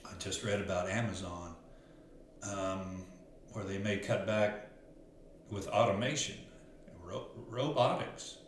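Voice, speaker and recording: Male life coach, lowish voice, earnest and rambling, very echoey room with faint hiss. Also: steady tone, slow, pauses often. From Arkansas. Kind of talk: casual storytelling monologue.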